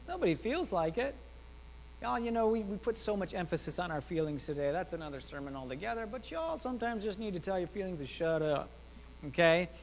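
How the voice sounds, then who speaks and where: Animated high-voiced preacher in a reverberant hall. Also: male voice. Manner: animated and conversational, addresses the congregation directly. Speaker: pastor. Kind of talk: sermon. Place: church sanctuary.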